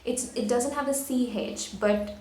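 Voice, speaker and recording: A woman's voice: fairly high pitch, a little slow, warm tone. A woman teacher giving a spelling lesson for children, patiently explaining and sounding out words syllable by syllable. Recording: echoey room with faint noise.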